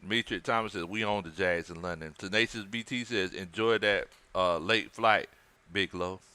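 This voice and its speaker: A man's voice: low voice, moderate pace, sharp tone, clean tone, no room sound. A man hosting a casual sports watch-party stream, reading viewer comments aloud in a laid-back way. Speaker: livestream host.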